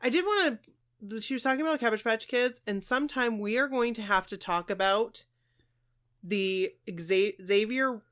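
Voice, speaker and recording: A woman's voice: on the high side, moderate pace, a bit bright. A woman in her thirties co-hosting a podcast, chatting playfully and wandering into tangents. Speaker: podcast co-host. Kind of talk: casual chat.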